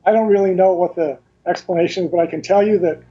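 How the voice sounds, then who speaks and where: A man as an interview guest, explaining things carefully and in detail, with halting restarts, over dull lo-fi remote audio. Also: high voice, dark tone, breathy edge.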